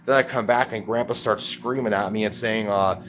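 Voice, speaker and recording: A man's voice: on the low side, fairly even intonation, moderate pace, a bit bright, a little hiss or hum. A man talking in a personal video update, rambling and cursing heavily in an agitated way. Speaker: vlogger.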